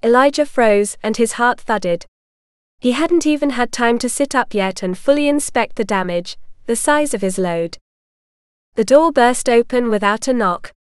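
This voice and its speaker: A woman reads an audiobook in an even, measured storytelling manner. Her voice is smooth and clear, sitting a bit high. The recording is close and dry with no room sound. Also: no room sound. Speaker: audiobook narrator. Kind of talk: scripted narration.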